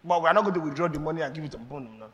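A high-pitched man preaching a lively sermon, his voice bright and carrying. His pitch leaps up and down as he acts out conversations and laughs between points. The sound rings with the long reverb of a church hall. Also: very fast. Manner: animated preaching with acted exchanges and laughter. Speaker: pastor.

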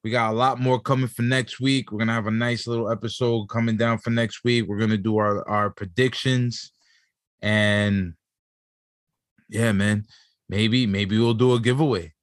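A man's voice: fairly low pitch, fairly even intonation, normal speed, no room sound, clean studio sound. A man co-hosting a wrestling podcast, talking in a loose, slangy way with lots of fillers. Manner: laid-back, slangy, filler-heavy. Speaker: podcast co-host. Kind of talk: casual chat.

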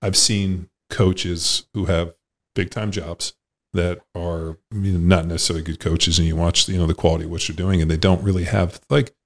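A man with a very low voice hosts a podcast in loose, casual conversation. He speaks bluntly, swears a lot and wanders through his points with plenty of restarts. His tone is that of a former player telling it straight. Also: little pitch movement, moderate pace. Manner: blunt, profane, rambling.

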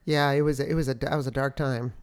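A man in his forties, a pastor and podcast co-host, reflecting calmly with his wife on a stressful period and often agreeing with her. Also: mid-range voice, quick pace, smooth. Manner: reflective, affirming, with fillers. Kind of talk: casual conversation with spouse.

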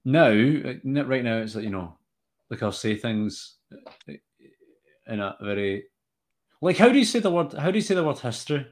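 A man's voice: mid-range voice, animated, moderate pace, long pauses. A young man with a mild Glaswegian Scottish accent, co-hosting a podcast in casual, rambling chat. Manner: rambling, self-interrupting, jokey. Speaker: podcast co-host.

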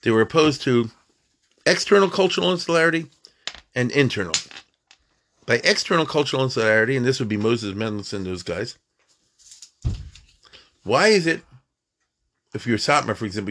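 Animated man lecturing with rhetorical questions. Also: medium pitch, brisk, pauses often. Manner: conversational, rhetorical questions, frequent checks like "you see what I'm saying?". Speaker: lecturer on Jewish thought. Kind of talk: informal lecture.

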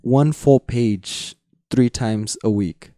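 A man's voice: mid-range voice, slow, mellow, no room sound, studio quality. A young man co-hosting a podcast, chatting casually and rambling with fillers, restarts and frequent laughs. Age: young adult. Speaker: podcast co-host. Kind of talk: casual chat.

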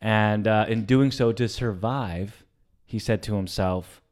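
A man co-hosting a comedy podcast, talking in animated, profane rants and joking around. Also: fairly low pitch, takes it slowly. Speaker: podcast co-host. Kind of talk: casual comedy chat.

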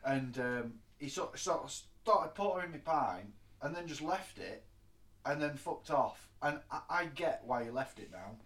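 A man's voice: on the high side, lively intonation, unhurried, a bit bright. A man who co-hosts a podcast. He tells stories in casual chat and swears freely. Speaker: podcast co-host. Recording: roomy echo.

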